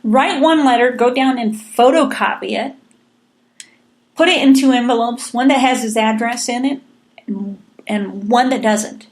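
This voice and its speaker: Earnest woman podcast host, slightly high. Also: measured pace. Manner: earnest, encouraging, repeats words. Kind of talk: casual chat.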